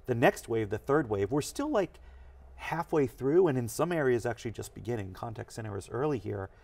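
A man's voice: mid-range voice, vocal fry. A man, a technology executive, explaining ideas with energy in a studio interview. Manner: energetic, explanatory, fast bursts. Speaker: chief technology officer, guest.

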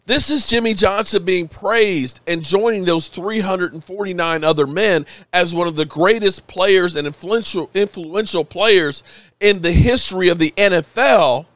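A man's voice: high voice, moderate pace, fairly bright tone, no echo. A man live-streaming, emotional and a bit tipsy, rambling and swearing as he rants with emphatic bursts.

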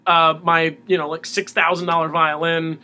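A man, a musician guest in an interview, talking casually in a halting way with many restarts. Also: a little high, level tone, sharp tone.

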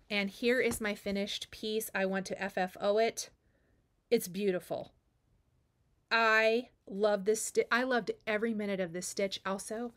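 A woman's voice: medium pitch, fairly bright tone. A woman hosting a cross stitch video, chatting casually and gushing over her finished pieces, repeating words for emphasis. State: has the hiccups. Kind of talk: casual show-and-tell chat.

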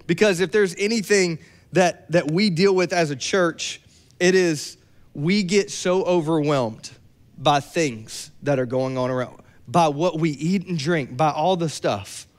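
A young adult man preaching a sermon, lively and joking with playful asides. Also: a little high, measured pace. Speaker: pastor.

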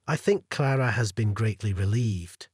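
A man's voice: on the low side, a little slow, a little mellow, breathy edge, dry recording, clean studio sound. A man voicing a stern older male company president who speaks firmly and formally.

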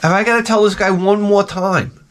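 A man's voice: sits high, steady tone, normal speed, a bit bright. Sarcastic New York man ranting. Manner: exasperated and sarcastic, heavy swearing. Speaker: retro game channel host. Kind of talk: profane comic rant.

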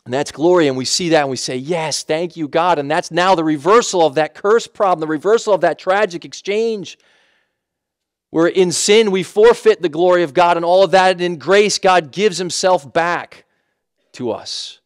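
This high-voiced pastor moves at a moderate pace through a conversational sermon, stressing points through repetition and frequently revising what he says. The studio recording is clean, with no echo.

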